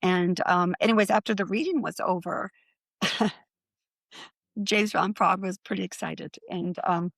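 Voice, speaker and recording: A woman, a psychic medium, chatting as an interview guest with a slightly gravelly voice, telling a long story. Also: on the low side, a little slow, pauses often, fairly bright tone, dry recording. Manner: chatty, acts out other people's lines in quotes.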